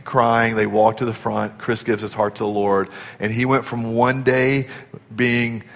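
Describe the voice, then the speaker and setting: A male pastor preaching a sermon, telling a story in an earnest way and dropping to a soft, low voice for emphasis. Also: in a large hall. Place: church auditorium.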